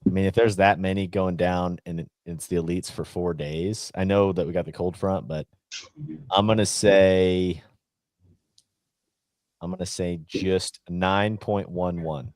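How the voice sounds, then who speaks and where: Low-voiced man, playful podcast guest. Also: fairly even intonation, measured pace, darkish tone, no echo. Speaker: podcast panelist. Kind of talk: casual group chat.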